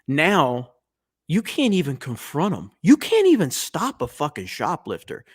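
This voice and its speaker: A man's voice: on the high side, wildly swooping pitch, unhurried, slightly rough. A man in his forties, a podcast co-host, telling rambling, profane stories in casual chat. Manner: profane, rambling storyteller with laughs.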